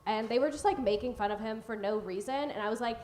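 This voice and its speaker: A woman's voice: fairly high pitch, fast, darkish tone. A woman who teaches, telling a confiding, chuckling classroom story on a live comedy panel. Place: live venue. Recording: roomy live venue sound.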